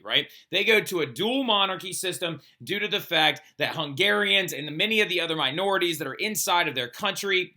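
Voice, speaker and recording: A man teaching a recorded history lesson in a casual, chatty way, often checking in with a quick "right?". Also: on the high side, bright, forceful tone.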